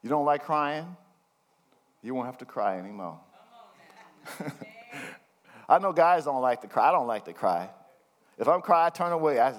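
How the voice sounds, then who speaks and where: An older man preaching a conversational sermon, reading scripture slowly between folksy, chuckling asides. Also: medium pitch, lively intonation. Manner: folksy, chuckling asides, slows down to read verses.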